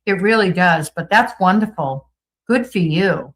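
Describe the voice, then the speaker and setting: A woman's voice: lowish voice, a little slow, rough recording. Chatty woman with a Boston accent. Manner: reads viewer comments aloud and responds chattily; upbeat, gushing. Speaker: livestream host reading chat. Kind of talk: casual chat.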